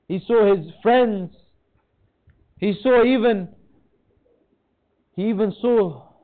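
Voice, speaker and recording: A man speaking at a religious gathering, giving an impassioned mourning sermon and pleading with his listeners. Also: high-pitched. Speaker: majlis speaker. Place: religious centre hall. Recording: thin phone-like lo-fi sound.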